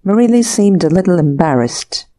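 Mellow woman narrating a classic story. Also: fairly low pitch, lively intonation, moderate pace. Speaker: audiobook narrator. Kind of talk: scripted narration.

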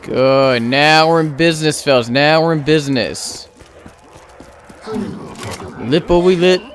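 A young man giving gameplay commentary as a gaming YouTuber, excitable and slangy, often yelling in panic. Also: on the high side, takes it slowly, pauses often, a crowd in the background.

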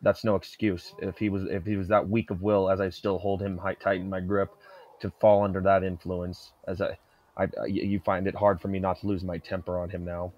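A man's voice: low voice, level tone, a little fast, a little mellow, highs cut off. A man playing his character in a tabletop game, speaking sternly and with threats, often restarting his sentences. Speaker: player. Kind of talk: in-character tabletop role-play.

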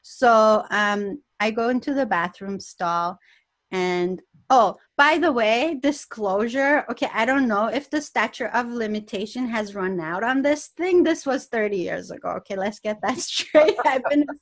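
A woman's voice: fairly high pitch, expressive, unhurried, no echo. A woman guest telling a personal story on a podcast, acting out quotes and laughing often. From Canada. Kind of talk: storytelling interview.

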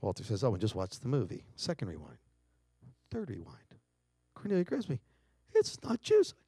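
Middle-aged guy telling a family story at a keynote, pitch jumps all over, dry sound. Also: huge pitch swings, fairly quick, warm tone, slightly rough, dry recording. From United States. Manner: dramatic storyteller, acts out family quotes. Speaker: keynote speaker. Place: lecture hall.

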